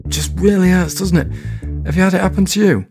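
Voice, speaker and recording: A man doing an anguished man groaning high and melodramatic. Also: brisk, creaky, music in the background. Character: anguished grown man in the street, pained over a lost hair. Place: late-night indoor recording session.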